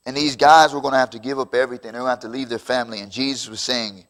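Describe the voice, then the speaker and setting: A man's voice: mid-range voice, steady tone, rapid-fire, fairly bright tone. A man preaching a conversational sermon, acting out the dialogue of the story. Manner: conversational, acts out biblical dialogue.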